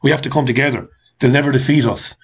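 A man's voice: mid-range voice, quick pace, slightly rough, muffled recording. A man hosting a talk show, ranting angrily with repeated rhetorical questions and swearing. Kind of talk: ranting monologue reading listener comments.

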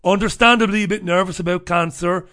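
On talk radio, an Irish man with a fairly high, sharp voice delivers an opinionated monologue at a steady tone and slightly quick pace. He rants in blunt, profane bursts and mocks the people he disagrees with.

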